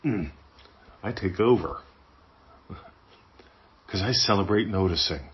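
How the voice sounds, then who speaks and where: Deep-voiced man hosting a podcast. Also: takes it slowly. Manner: playful, acts out inner voices, chuckles. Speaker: podcast host. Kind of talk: casual spoken teaching. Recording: dull lo-fi sound.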